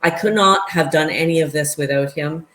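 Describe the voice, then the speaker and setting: A woman's voice: deep voice, moderate pace, fairly bright tone. A woman in her fifties, a guest in a casual chat, speaking earnestly and emotionally. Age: 50s. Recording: echoey room.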